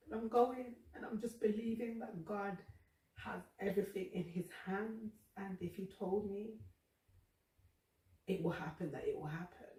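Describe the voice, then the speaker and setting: A woman's voice: medium pitch, a little mellow. A woman hosting a faith podcast, talking candidly and emotionally about her personal struggles. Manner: earnest, emotional, confessional. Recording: roomy echo, distant from the mic.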